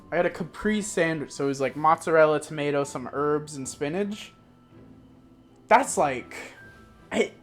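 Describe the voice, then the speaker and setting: A young woman streamer chatting casually in a rambling, animated way, swearing freely. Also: deep voice. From United States. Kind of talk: casual chat.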